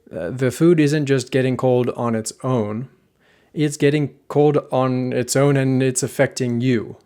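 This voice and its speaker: Male teacher, methodical, clear explanations, mid-pitched voice, slows down for examples. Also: a little mellow. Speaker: language teacher. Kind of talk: explanatory lesson.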